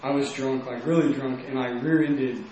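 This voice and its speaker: A young man from Texas tells his own story in a loose, rambling way, leaning on "like" again and again. His voice sits at an ordinary pitch for a man. He is heard from some distance in a very echoey room, with faint noise behind him. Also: fairly even intonation, normal speed, darkish tone. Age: young adult. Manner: casual, rambling, heavy use of "like". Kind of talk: personal testimony.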